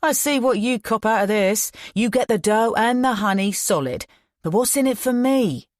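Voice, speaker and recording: A woman's voice: on the high side, lively intonation, normal speed, no echo, clean studio sound, voice pushed up, lightly acted. A woman voicing a menacing, leering male crime boss who taunts in slang. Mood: mocking.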